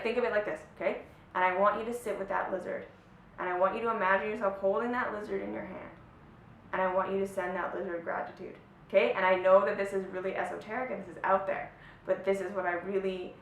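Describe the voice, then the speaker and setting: A woman giving a motivational self-help talk to camera, earnest and often checking in with "right?" and "okay?". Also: a bit bright. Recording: echoey room, slightly distant mic, faint rumble.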